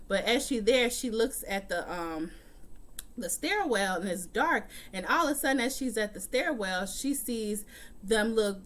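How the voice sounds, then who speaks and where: A woman with a medium-pitched, lively voice recaps a TV episode at a measured pace. She's filming a casual, chatty vlog in a room at home, speaking bluntly and swearing a lot.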